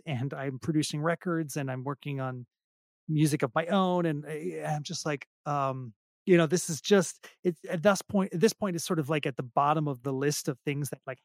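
A man's voice: fairly high pitch, no room sound, clean studio sound. A middle-aged man talking casually as an interview guest, self-deprecating and rambling with many restarts. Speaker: podcast guest, singer-songwriter.

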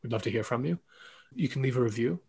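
A man hosting a podcast, relaxed and chatty, giving easy affirmations while his guest talks. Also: medium pitch, fast talker, vocal fry, slightly rough. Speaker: podcast host. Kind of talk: casual conversational interview.

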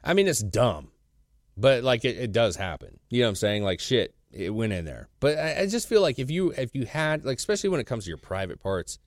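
A man's voice: medium pitch, big pitch swings, a little fast, no room sound, clean studio sound. A middle-aged man co-hosting a podcast in casual chat, crude and chatty, often saying "bro" and "you know what I'm saying.". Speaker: podcast co-host.

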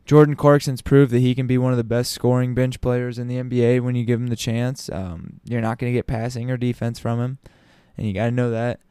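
A man's voice: mid-range voice, little pitch movement, a little fast, hardly any pauses, mellow, smooth, dry recording, clean studio sound. A man talking casually to his audience as a commentator, opinionated, with frequent ums and restarts. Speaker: sports commentator. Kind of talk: casual basketball talk.

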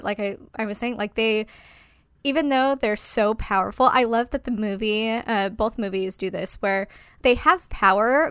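A woman co-hosting a casual discussion, animated, swearing freely and using many fillers. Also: medium pitch, clean tone, no room sound, clean studio sound. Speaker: podcast co-host.

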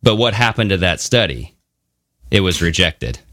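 Low and sing-song, a man's voice comes at normal speed with a sharp tone and no room sound. He co-hosts a podcast in a casual, animated conversational style, cursing now and then and imitating people in silly voices to poke fun at them.

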